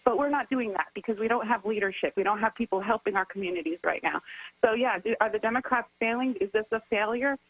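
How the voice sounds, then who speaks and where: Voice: mid-range voice, fast, fairly bright tone, no room sound, dull audio. A political strategist and organizer speaking as a radio guest, impassioned and repetitive, hammering points and getting heated while sick. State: says they are sick. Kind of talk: passionate call-in radio commentary.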